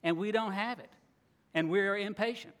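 A man preaching a sermon, earnest and expressive, now and then acting out grumbling voices. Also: high voice, moderate pace. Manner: earnest, acts out grumbling voices, laughs at times. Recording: long reverb of a large hall.

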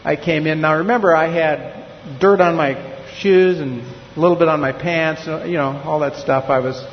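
A middle-aged man preaches with a high, lifted voice, turning his own failings into questions for his listeners. The sound is dull and lo-fi. His words ring out in a long hall reverb over a faint hum of room noise. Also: moderate pace. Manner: reflective, confessional, rhetorical questions. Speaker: pastor. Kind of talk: sermon.

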